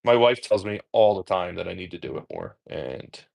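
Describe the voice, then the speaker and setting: Casual New Jersey man, low gravelly voice, self-deprecating rambler, dry close mic. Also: expressive, normal speed, a little mellow, no room sound. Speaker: home cook content creator. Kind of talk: casual chat while cooking prep.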